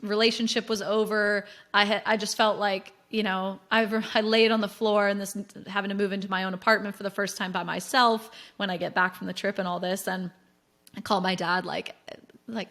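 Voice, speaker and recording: Podcast guest, woman, 30s, from the US; candid, animated storytelling, middle pitch. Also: brisk. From United States. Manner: chatty, animated, frequent fillers and laughs.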